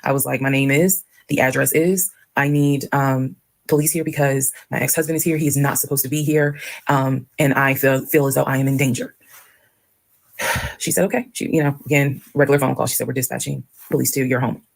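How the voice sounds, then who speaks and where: Woman, gravelly voice, talks fast, tells her story straight and acts out the lines. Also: extremely low pitch. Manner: frank, animated retelling with quoted dialogue. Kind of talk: casual storytelling.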